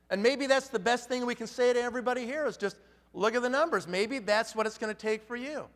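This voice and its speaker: Bright-voiced man giving a punchy motivational talk. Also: extremely high pitch, quick pace, long reverb tail, a little hiss or hum. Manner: punchy and emphatic, with rhetorical questions. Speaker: motivational speaker.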